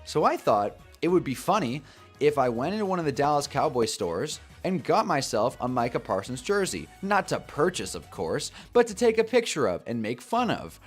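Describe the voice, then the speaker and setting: A young man hosting a football talk live stream, telling a story in a chatty, animated way and laughing at his own jokes. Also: on the high side, normal speed, breathy edge, faint music behind.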